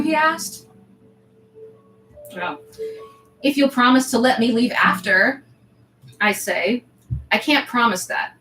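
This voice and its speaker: A woman's voice: a little high, expressive, slow pace, pauses often, pushed and bright. A woman livestreaming as she reads her diary aloud, stopping for asides and laughing often between lines. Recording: roomy echo, faint music behind.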